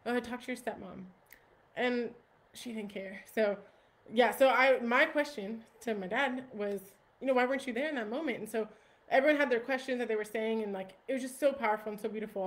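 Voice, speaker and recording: A woman hosting a casual live stream on her phone, chatting with a steady stream of "like" and "um" and greeting viewers by name. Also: medium pitch.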